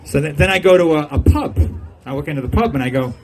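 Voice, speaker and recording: A man's voice: on the high side, expressive, fast talker, few pauses, rough recording. Older guy doing a funny goodbye speech outside on a patio, voice jumps around a lot, keeps laughing at his own jokes. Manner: joking storyteller who chuckles at his own punchlines. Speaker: departing resident giving a farewell speech. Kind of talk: humorous farewell speech to a gathering. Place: outdoor golf club patio.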